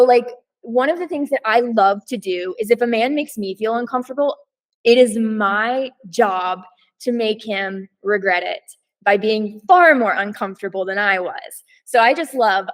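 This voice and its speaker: Higher-voiced woman, playful and blunt. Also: low-quality recording. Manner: playful, blunt, rambling with restarts. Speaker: panel guest. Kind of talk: casual discussion.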